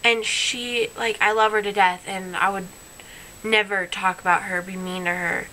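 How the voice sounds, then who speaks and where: Young woman, bright voice, rambling hurt vlog confession, faint hiss on the recording. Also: medium pitch, steady tone, normal speed, low-quality recording. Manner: earnest, rambling, upset. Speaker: vlogger.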